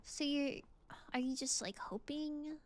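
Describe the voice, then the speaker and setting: A woman's voice: sits high, unhurried. A woman streamer chatting casually while playing a game, musing aloud and answering her chat.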